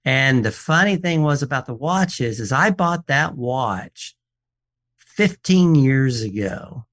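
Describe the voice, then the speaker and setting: Animated man telling stories. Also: mid-range voice, takes it slowly. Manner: animated storyteller, quotes people in dialogue, frequent restarts. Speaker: watch expert and appraiser, guest. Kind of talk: casual radio show storytelling.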